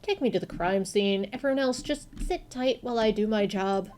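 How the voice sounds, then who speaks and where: A woman voicing a gruff, impatient male senior detective who barks curt orders. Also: medium pitch, a little fast, darkish tone, a little hiss or hum, lightly acted.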